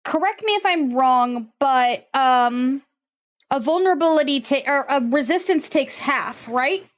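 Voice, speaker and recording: A woman running a tabletop game as game master, brisk and encouraging. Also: high-pitched, expressive.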